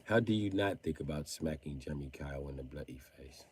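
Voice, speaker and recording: A man livestreaming, ranting in mocking tones with sudden shouted bursts and jokey mock British slang. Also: very deep voice, lively intonation, a little fast, a little hiss or hum.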